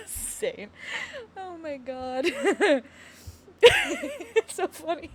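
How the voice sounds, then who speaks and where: A woman in casual live-stream chat from home, her voice sitting high. She rambles, giggles often and turns to address her chat as she goes. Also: wildly swooping pitch, extremely slow, a bit bright, a little hiss or hum.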